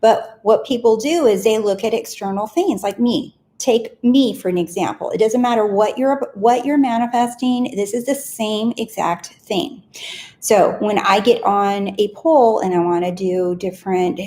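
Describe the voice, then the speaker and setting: A woman's voice: medium pitch, moderate pace, warm tone. A woman in her thirties, a success coach, giving a casual motivational talk to camera, earnest and repeating short self-affirmations.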